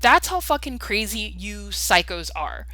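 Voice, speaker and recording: A woman's voice: mid-range voice, sing-song, unhurried, pushed and bright, no echo, poor audio. A woman delivering an agitated, rambling monologue to camera, often restarting her sentences. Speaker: vlogger. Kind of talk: ranting monologue.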